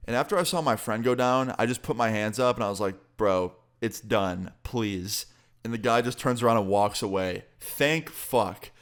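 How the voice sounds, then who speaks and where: A man's voice: medium pitch, fairly quick, few pauses, fairly bright tone. A man telling a story casually as a vlogger, swearing freely in a laid-back way.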